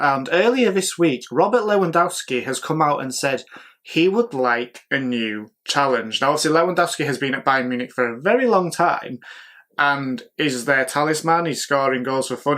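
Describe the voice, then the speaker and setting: A man runs through his football opinions in a relaxed solo talk, voice sitting at an ordinary middle pitch. He is opinionated and keeps firing rhetorical questions at his listeners. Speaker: football podcast host.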